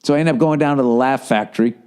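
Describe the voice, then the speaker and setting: Boston guy in his forties, podcast host telling swear-heavy stories, mid pitch. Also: racing, clean tone. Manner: profane, storytelling, swings from low mumbling to loud. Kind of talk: casual rambling monologue.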